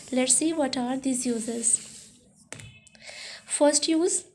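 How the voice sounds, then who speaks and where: High-voiced woman teaching slowly. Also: warm tone. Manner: slow, repetitive explaining with example sentences. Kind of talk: recorded grammar lesson.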